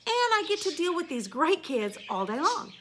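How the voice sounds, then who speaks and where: A woman's voice: very high voice, sing-song, normal speed, background noise. A woman teacher, ranting casually in a blunt, sarcastic way and swearing now and then.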